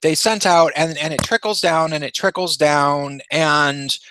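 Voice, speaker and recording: A man's voice: on the high side, steady tone, a little slow, bright, forceful tone, a little hiss or hum. A man hosting a live stream, chatting casually on a voice call and rambling with many fillers and restarts.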